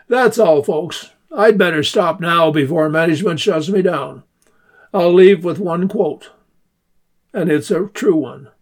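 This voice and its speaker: A man hosting a community radio segment, telling the history of a joke form in unhurried scripted narration and reading the jokes aloud in playful voices. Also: high-pitched, a little mellow. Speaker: radio host.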